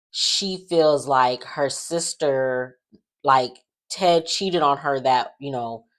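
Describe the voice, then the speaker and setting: Low-voiced woman, chatty sassy soap recapper, many fillers. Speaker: soap opera recap vlogger. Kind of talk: casual recap and commentary.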